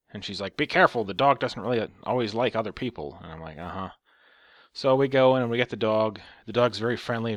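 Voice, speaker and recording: Low-voiced, sarcastic male vlogger, casual and foul-mouthed. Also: no room sound, studio quality. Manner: sarcastic and profane. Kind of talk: casual storytelling rant.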